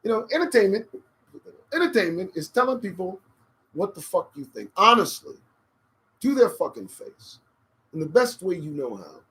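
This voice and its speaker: Brief: male live-stream host, somewhat high voice, swings his pitch widely, swears and preaches, rambles with emphasis, desk condenser mic. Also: very animated, normal speed, fairly bright tone, low-quality recording. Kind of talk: casual live-stream monologue. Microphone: desk condenser microphone.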